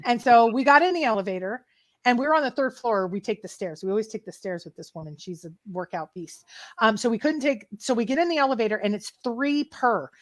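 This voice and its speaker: Animated woman telling a story. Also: on the high side, fairly quick. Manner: emotional, animated retelling with many restarts. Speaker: treasure hunt show co-host. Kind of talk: casual livestream chat, storytelling.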